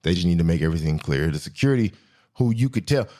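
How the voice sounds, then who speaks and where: A man hosting his own show, telling stories in a slangy, animated way, swinging between excited high bits and low asides. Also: fast talker. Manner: slangy, swearing, self-correcting. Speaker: podcast host. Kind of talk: casual storytelling monologue.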